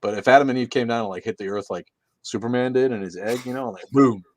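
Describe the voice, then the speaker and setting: A man's voice: medium pitch, fast talker, slight background noise. A man co-hosting a casual livestream, reading out chat comments with loose, profane jokes.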